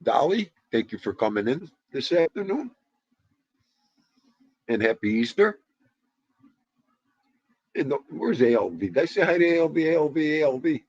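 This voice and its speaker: A man's voice: on the high side, big pitch swings, normal speed, pauses often, dry recording. A man in his fifties hosting a casual livestream, greeting viewers one by one and joking around. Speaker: livestream host. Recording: dull lo-fi livestream audio.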